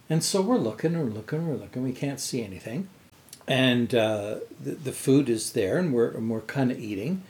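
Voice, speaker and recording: A man's voice: medium pitch, sing-song, normal speed. A man co-hosting a podcast, telling a restaurant story in casual chat. He swears freely and acts out the quotes. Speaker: podcast co-host.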